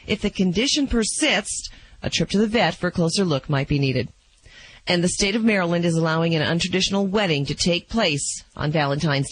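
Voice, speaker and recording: A man's voice: high-pitched, fairly bright tone, rough recording. A man reading pet news on a radio show, breaking in with jokey asides. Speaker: news reporter.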